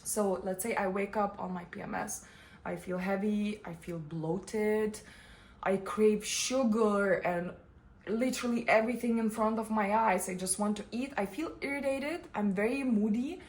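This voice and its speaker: A young adult woman vlogger and coach giving casual, expressive personal talk to the camera, often breaking into laughter. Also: medium pitch, moderate pace.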